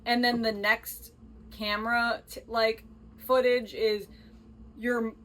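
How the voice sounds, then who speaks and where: A woman's voice: a little high, level tone, takes it slowly, a bit bright. A woman co-hosting a podcast in casual chat, rambling and self-deprecating with jokes. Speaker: podcast co-host.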